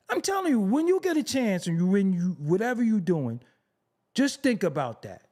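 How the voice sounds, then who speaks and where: A man's voice: high-pitched, big pitch swings, a little slow, pauses often, a little mellow. A man from Brooklyn with a New York accent, ranting as a show host on a live stream, profane and mocking, firing off rhetorical questions. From Brooklyn, New York City. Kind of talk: unscripted rant to a live stream audience.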